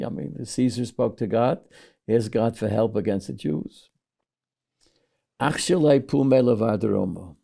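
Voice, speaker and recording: An older man, a rabbi, teaching a Talmud lesson, reading Aramaic passages and paraphrasing them in English with lively storytelling. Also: on the low side, vocal fry.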